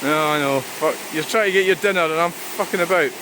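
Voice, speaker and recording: Out by a river and waterfall, a Scottish man with a slightly high voice for a man rambles casually to his camera, swearing now and then. The noisy background is dominated by a clear, rushing stream.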